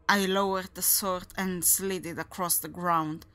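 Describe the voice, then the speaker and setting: Slow woman narrating horror. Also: on the low side, fairly even intonation, sharp tone, no echo. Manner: measured, unhurried storytelling.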